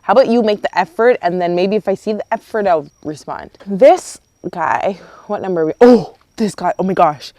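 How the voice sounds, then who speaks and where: A young woman from Canada vlogging outdoors, chatty and animated, telling a storytime with lots of quoted dialogue. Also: medium pitch, moderate pace, no echo. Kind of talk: casual storytime vlog. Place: outdoors near a yard with roosters and hens. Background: roosters and hens.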